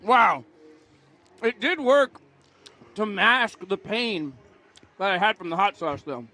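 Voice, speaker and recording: A young man co-commentating a baseball broadcast in casual banter, talking slowly while chewing food. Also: high-pitched, animated, pushed and bright, soft background music.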